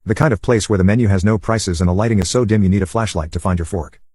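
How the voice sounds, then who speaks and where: Guy reading a story fast, sardonic, kinda husky and low. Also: a little mellow, no room sound, studio quality. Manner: wry, sardonic. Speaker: narrator. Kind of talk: scripted narration of an online story.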